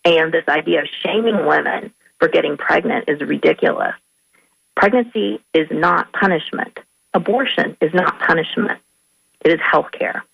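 Firm woman advocate, gravelly and muffled. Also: sits low, normal speed, no room sound. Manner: firm, assertive. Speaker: guest, reproductive rights advocate. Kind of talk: radio interview.

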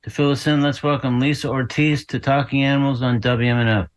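A man's voice: mid-range voice, little pitch movement, fairly quick, rough recording. A man hosting a radio talk show, friendly and enthusiastic with his guest. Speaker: radio host.

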